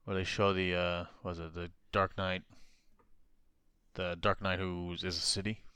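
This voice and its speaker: A man's voice: low voice, little pitch movement, moderate pace, bright, forceful tone, smooth, no room sound. A man co-hosting a podcast in easygoing casual chat, agreeing and laughing along. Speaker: podcast co-host.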